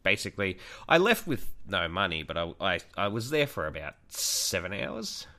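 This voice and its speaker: A man's voice: deep voice, very animated, normal speed, pushed and bright. A young man co-hosting a casual podcast, rambling through a crude anecdote with plenty of swearing. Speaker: podcast co-host.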